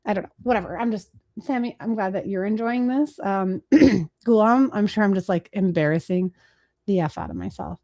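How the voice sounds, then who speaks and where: Fast-talking rambling woman hosting a webinar. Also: mid-range voice, a little mellow. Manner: fast-talking, rambling, self-deprecating, tries silly voices. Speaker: webinar host, marketing speaker. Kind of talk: casual live webinar talk. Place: home office, talking to a computer.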